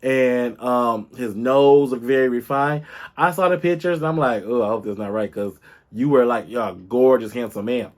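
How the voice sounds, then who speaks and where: A man hosting a casual gossip podcast in a sassy, animated way, calling his listeners girl and baby. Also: medium pitch, moderate pace. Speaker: podcast host.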